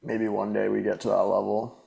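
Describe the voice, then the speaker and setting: A man's voice: fairly low pitch, level tone, brisk, creaky, mellow, a little hiss or hum. A man co-hosting a casual fantasy football podcast, laid-back and swearing freely, laughing easily as he talks. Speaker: podcast co-host. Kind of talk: casual chat. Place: living in Australia.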